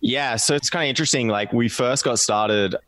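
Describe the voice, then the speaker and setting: A man's voice: medium pitch, a little fast, fairly bright tone, no echo. A man with an Australian accent, a podcast guest chatting in a laid-back, loose way. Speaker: guest, co-founder. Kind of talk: casual interview chat.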